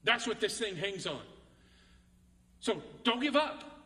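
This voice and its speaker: A man's voice: sits high, big pitch swings, slow, sharp tone. A man with a Texan accent preaching a sermon as pastor, earnest and repeating key phrases for emphasis, in a church sanctuary. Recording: echoey hall from far off.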